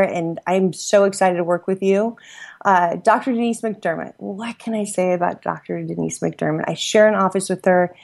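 A woman with a slightly low voice hosts her podcast. She rattles off heartfelt thanks, restarting sentences and laughing often in a casual, effusive way. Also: darkish tone. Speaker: podcast host. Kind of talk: casual gratitude shout-outs. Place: Los Angeles.

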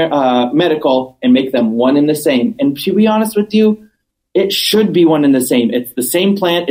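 A man chatting as a podcast guest, telling stories with animated, acted-out quotes and emphatic repetition. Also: a little high, poor audio. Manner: animated storyteller, acts out quotes; emphatic, repeats points. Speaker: cannabis business owner, guest. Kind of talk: casual interview chat.

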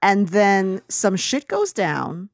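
An American woman co-hosting a podcast reviews a film, chatting casually and ranting with lots of fillers and restarts. Her mid-range voice has big pitch swings and she takes it slowly, in a dry, studio-quality recording.

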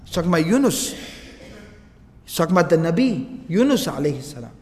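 A male lecturer telling a religious history story in an animated way, mixing in Arabic quotes. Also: on the high side, fairly quick, in a large hall.

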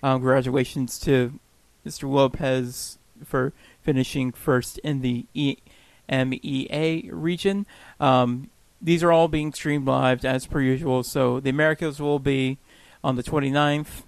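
A man's voice: medium pitch, steady tone, measured pace, vocal fry, clear, resonant tone, dry recording. A man co-hosting a casual podcast chat, laughing often and poking fun at himself. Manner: laughs often, self-deprecating. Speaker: podcast co-host.

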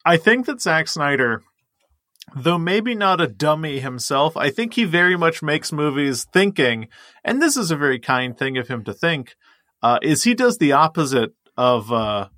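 A man's voice: fairly high pitch, lively intonation, a little slow, bright, forceful tone, dry recording, clean studio sound. A man co-hosting a podcast, talking films in a wry, sarcastic manner. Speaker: podcast co-host. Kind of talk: casual film discussion.

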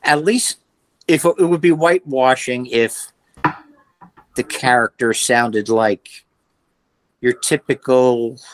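Guy on a podcast, mid pitch, dry close sound, kinda halting and rambly. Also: fairly even intonation, no room sound, low-quality recording. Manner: hesitant, restarts and trailing thoughts. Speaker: podcast co-host. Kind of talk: casual chat.

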